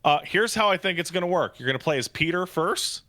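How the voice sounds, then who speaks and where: A man's voice: sits high, animated, brisk, bright, forceful tone, dry recording. A man co-hosting a casual podcast, talking bluntly and emphatically with plenty of swearing. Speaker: podcast co-host.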